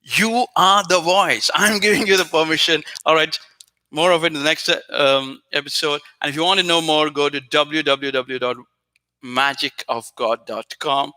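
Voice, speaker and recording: Bright-voiced man teaching spiritual talk. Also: on the high side, fairly even intonation, normal speed. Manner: earnest, repetitive, direct address to listener; chants Sanskrit phrases softly. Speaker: spiritual teacher, show host. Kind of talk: teaching talk answering a viewer.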